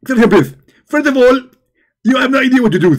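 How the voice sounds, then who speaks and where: Guy doing a high loud preacher man, fast excited bragging, jumps all over. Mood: mocking. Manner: rapid, shrill, childish boasting. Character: excitable, boastful male preacher, middle-aged.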